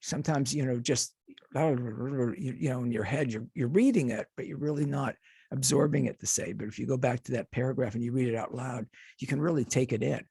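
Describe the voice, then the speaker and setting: A male radio host with a gravelly, husky voice, talking loosely and backtracking often. The sound is close and dry, with no room around it. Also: mid-range voice, a little fast, dark tone, no echo. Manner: rambling, with frequent restarts. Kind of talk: casual interview chat.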